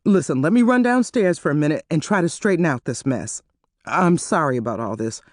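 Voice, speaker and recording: A woman narrator voicing a panicked, sweating man who pleads in a shrill, desperate voice. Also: lively intonation, brisk, darkish tone, dry recording, studio quality. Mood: flustered. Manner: shrill and high-pitched.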